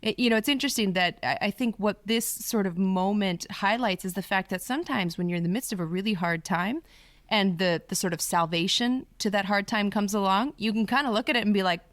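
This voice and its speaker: A woman biblical scholar in casual panel talk, lively and dramatizing quotes with sudden jumps in pitch. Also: brisk, dry recording. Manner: animated, acts out quoted voices with big pitch jumps.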